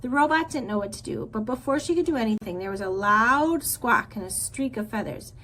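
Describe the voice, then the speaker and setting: A woman's voice: fairly high pitch, fairly quick, low-quality recording. A woman reading a children's novel aloud to a class as a teacher. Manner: expressive storytelling.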